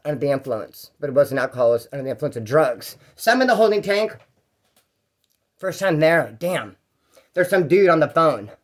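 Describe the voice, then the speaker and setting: Slangy man telling rambling jail stories. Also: a little high. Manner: rambling and slangy, with fillers and restarts. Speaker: storyteller. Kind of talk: casual first-person jail story.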